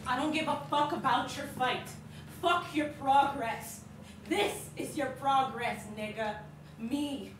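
A woman's voice: high-pitched, slow pace, a bit bright. An actress playing a bitter grown child who harshly curses and accuses an absent father, in a stage monologue. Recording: very echoey stage from far off, room noise.

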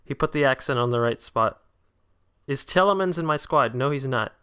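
Young man, 19, livestream host, casual chat, smooth clear voice. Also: medium pitch, normal speed. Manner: chatty, answers chat, bursts out excitedly at big chances.

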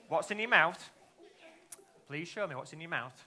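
A man's voice: fairly high pitch, expressive, moderate pace, pauses often, bright, forceful tone, a faint crowd, slight background noise. A man performing a live children's magic show, teasing and playful, constantly asking the young audience questions. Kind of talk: live kids' show patter.

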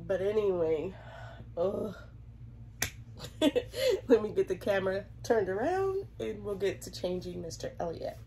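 A woman's voice: mid-range voice, lively intonation, measured pace, pauses often, dark tone, a little hiss or hum, low-quality recording. A young woman with a Southern US accent, chatting to camera about her reborn dolls, congested from a cold and giggling often. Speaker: reborn doll collector vlogger. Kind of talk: casual chat to camera.

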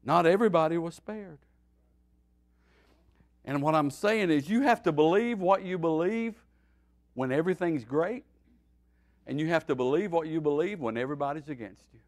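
A man, a pastor, teaching a Bible study in a folksy, animated preaching style that swings between loud and quiet. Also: fairly high pitch, normal speed, long pauses.

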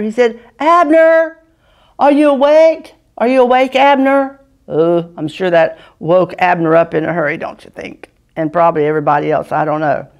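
A woman teaching a children's Sunday school lesson, patiently asking the children questions and often clearing her throat. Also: fairly low pitch, a little mellow.

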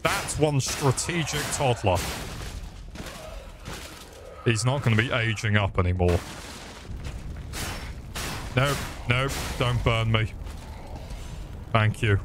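Slow-talking sweary young man. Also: medium pitch, noisy background. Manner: sweary, grumbling, crude joking. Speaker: game streamer. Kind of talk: live gameplay commentary. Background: game music.

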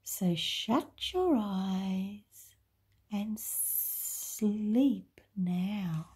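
A woman voicing a sly male jungle snake with a soft, coaxing, hypnotic manner. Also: mid-range voice, animated, very slow, breathy edge, full character voice. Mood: whispering.

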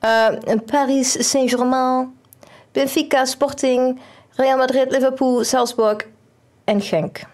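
A young woman, streaming a football manager game and chatting excitedly at it. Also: high voice, slow. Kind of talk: casual game commentary.

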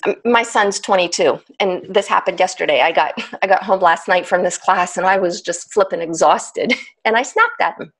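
A woman, a trauma specialist explaining ideas as a podcast guest, animated and laughing often. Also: fairly low pitch, normal speed, hardly any pauses. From United States. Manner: animated, laughs often, acts out inner voices.

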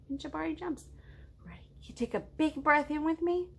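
A middle-aged woman leading a children's storytime, reading a picture book aloud in a gentle, encouraging way and asking the children questions. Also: high voice, animated, moderate pace, a little hiss or hum.

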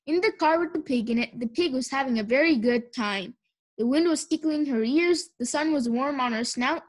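A woman reading a children's picture book aloud in a clear, steady voice. Her voice sits high for a woman. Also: normal speed. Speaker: audiobook reader. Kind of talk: storybook read-aloud.

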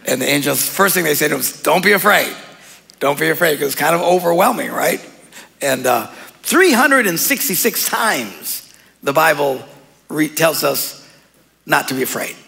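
Gravelly, bright-voiced pastor in a hall. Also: male voice, fairly high pitch, lively intonation, normal speed. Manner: casual, joking, laughs often. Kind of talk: sermon. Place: church hall. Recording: long hall reverb.

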